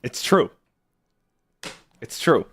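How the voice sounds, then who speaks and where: A man's voice: very slow, a bit bright. A man streaming live, chatting casually with viewers in a sarcastic, argumentative way.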